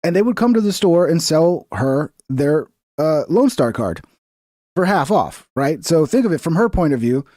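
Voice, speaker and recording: A man in his thirties with a slightly high voice, riffing through reaction commentary with sarcasm and plenty of swearing. He talks in a rambling, casual way, and the recording is dry and close. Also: expressive, normal speed, darkish tone, no echo. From Texas.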